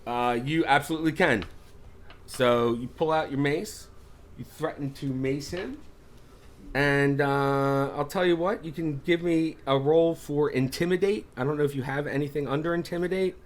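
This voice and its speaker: A man running a tabletop horror game as game master, narrating casually with lots of fillers. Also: fairly high pitch. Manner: casual, halting, with many fillers.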